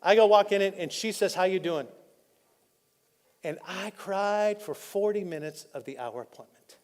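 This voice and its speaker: A man pastor, preaching a candid, personal sermon that drops soft and choked up when he is moved. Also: high voice, normal speed. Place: church auditorium. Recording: live in a reverberant church hall.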